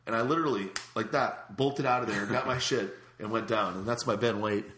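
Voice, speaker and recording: A man's voice: lowish voice, a little fast, fairly bright tone. A man telling a long rambling story in casual chat, with many fillers and restarts. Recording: echoey room.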